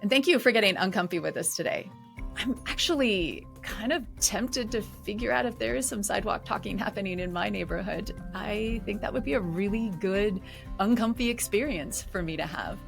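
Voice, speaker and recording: A woman's voice: mid-range voice, animated, moderate pace, creaky, faint music behind. A woman hosting a podcast, asking short, encouraging follow-up questions and closing the episode. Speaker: podcast host. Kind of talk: podcast interview and outro.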